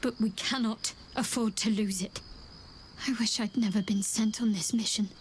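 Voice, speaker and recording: A secretive young cleric from a video game, voiced by an actress, guarded and dutiful. She speaks in a measured, wry way at a middling pitch and gives little away. She sounds firm whenever she talks of duty. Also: steady tone, a little hiss or hum, lightly acted.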